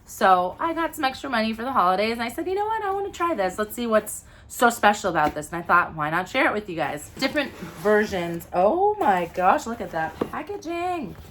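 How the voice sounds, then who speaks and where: A woman vlogging a makeup unboxing in a casual, gushing, excitable way, often gasping. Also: mid-range voice, a little fast, few pauses. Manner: gushing, excitable, gasps and squeals. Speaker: mom vlogger.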